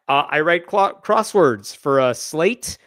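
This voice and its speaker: A man's voice: fairly high pitch, animated, slow, fairly bright tone, dry recording. A man hosting a live news commentary show, blunt and sarcastic, talking close to a desk mic. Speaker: host.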